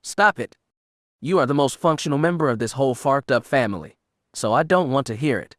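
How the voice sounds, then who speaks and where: A man voicing a drunk, gruff middle-aged smuggler who talks loudly in a slurred drawl, read as an audiobook character. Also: mid-range voice, expressive, fast, dry recording, clean studio sound, lightly acted. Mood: vehement.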